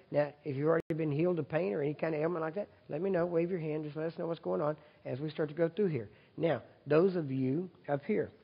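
Male preacher, gravelly and husky, conversational with the congregation, dull recording in a big reverberant hall. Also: fairly high pitch. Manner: leads congregation in repeat-after-me prayer, loud and emphatic; conversational, asks audience for agreement. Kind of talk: sermon.

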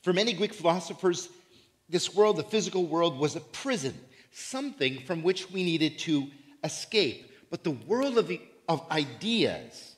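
A man preaching a sermon in church, animated and emphatic, repeating key phrases and acting out imagined listeners. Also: a little high, a little slow. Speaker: pastor.

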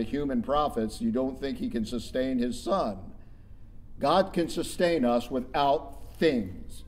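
A man's voice: medium pitch, darkish tone. A middle-aged male pastor delivering a sermon in a church, emphatic and conversational, with rhetorical questions.

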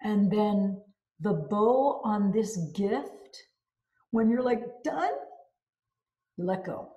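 Brief: female book reviewer, warm, effusive, reading then chatting, roomy reverb. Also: mid-range voice, extremely slow, muffled recording. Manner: effusive, expressive. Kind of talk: reading aloud and casual commentary. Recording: roomy echo.

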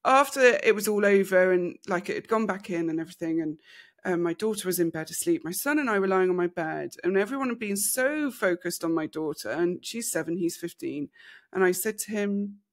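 A woman with a British accent, a podcast co-host telling a candid personal story, animated and laughing through hard memories. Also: lowish voice, a little fast. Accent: British English.

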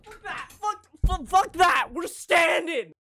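A young man reacting live to an anime episode, excitable and swearing often, the show's music playing behind him. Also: very high voice, slow.

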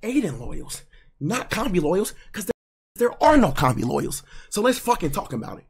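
A man's voice: high voice, very animated, normal speed, darkish tone, breathy edge. A young man streaming, ranting in casual, profane, heated slang. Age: young adult.

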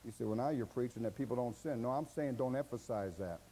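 A man's voice: medium pitch, fast, mellow, slightly rough, poor audio. A man with an American accent preaching a sermon as pastor, folksy and exhorting, asking rhetorical questions and mimicking his listeners' excuses.

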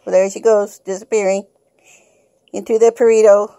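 A woman's voice: medium pitch, level tone, normal speed, warm tone, dry recording, clean studio sound. A woman at home talking to her kitten in coaxing baby talk. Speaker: pet owner filming her kitten. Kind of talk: casual pet video. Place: at home indoors.

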